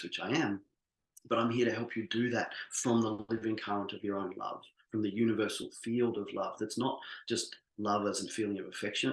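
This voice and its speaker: Middle-aged guy running a coaching workshop, low-ish voice, earnest, keeps restarting, echoey room. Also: a bit bright. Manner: earnest and heartfelt, with frequent restarts. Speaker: business coach. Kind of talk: live workshop talk.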